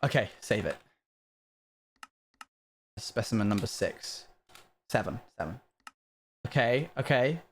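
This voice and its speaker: Streaming a building game live, a man talks casually to his viewers, slowly and expressively, with long pauses. When something goes wrong he bursts into panicked high-pitched outbursts, and background noise is audible.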